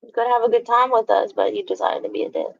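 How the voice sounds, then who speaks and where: A woman with a fast, creaky, rather high voice and big pitch swings hosts a casual livestream, greeting viewers and reading their comments. She laughs often and swears freely. The audio is dull but has no echo.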